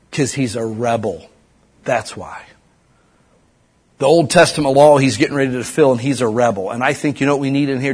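A middle-aged pastor from Ohio delivers a lively sermon, pushing hard on his exhortations and dropping low for quiet asides. His voice is husky, sitting at an ordinary pitch for a man. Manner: animated preaching, swinging from loud urging to hushed asides.

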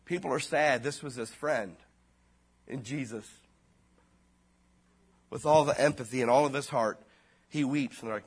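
A pastor preaching a sermon in a casual, slangy way, his voice dropping low and then rising loud. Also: normal speed, pauses often, breathy edge.

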